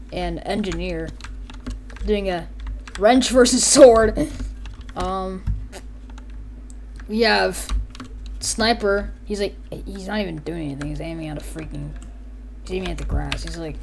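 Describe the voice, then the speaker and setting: A woman giving casual, rambling gameplay commentary as a YouTuber, excitable and quick to act out characters and sound effects. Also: medium pitch, vocal fry, slight background noise. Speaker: gaming YouTuber.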